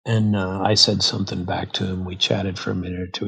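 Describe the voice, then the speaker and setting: Gravelly, husky American man rambling. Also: sits low, little pitch movement, brisk, bright, forceful tone, poor audio. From United States. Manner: rambling, repeats words, frequent fillers. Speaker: podcast host. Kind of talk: casual storytelling monologue.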